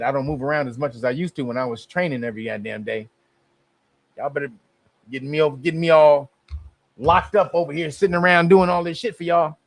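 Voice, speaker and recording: A man's voice: medium pitch, dry recording. A man hosting a live stream, talking casually with lots of profanity and sudden bursts of outrage. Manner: profane, excitable, bursts into loud outrage and laughter.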